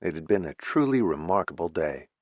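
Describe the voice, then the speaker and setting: A low-pitched man reading a novel aloud, steady and even. The recording is very dry with no room sound. The sound is slightly dull. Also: fairly quick, no room sound. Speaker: audiobook narrator. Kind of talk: scripted narration.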